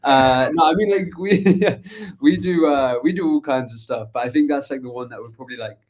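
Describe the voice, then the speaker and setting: A man's voice: medium pitch, a little fast, a little mellow. A young English man, a guest in a casual interview, talking loosely with many fillers and laughs. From England. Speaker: guest, agency co-founder.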